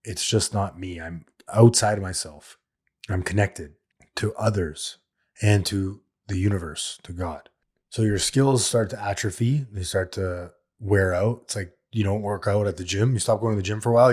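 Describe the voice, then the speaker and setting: A man's voice: sits low, moderate pace, darkish tone, slightly rough. A man hosting a solo recovery podcast, talking in an earnest, plain-spoken way and repeating his key points. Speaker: podcast host.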